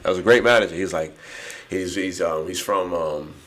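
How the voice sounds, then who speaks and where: A man's voice: low voice, normal speed, fairly bright tone. A man in his thirties from New Jersey, co-hosting a podcast and telling a story casually, laughing often and swearing freely. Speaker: podcast co-host.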